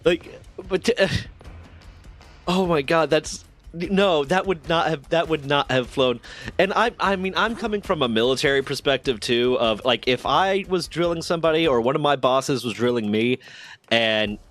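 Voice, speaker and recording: A man's voice: fairly high pitch, moderate pace, fairly bright tone, faint music behind. A man hosting a stream, chatting casually and telling stories with frequent restarts and swearing. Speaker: streamer host. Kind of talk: casual chat.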